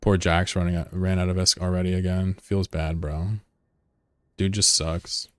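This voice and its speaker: A man's voice: low voice, little pitch movement, moderate pace, dry recording, studio quality. A man from the United States rambling and joking casually as he chats with his live-stream viewers. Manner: joking, rambling, answers chat messages.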